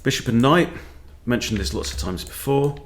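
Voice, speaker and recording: A man's voice: mid-range voice, lively intonation, moderate pace. Man muttering through a chess game. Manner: thinking aloud, muttering moves to himself. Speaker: chess coach. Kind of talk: live game commentary.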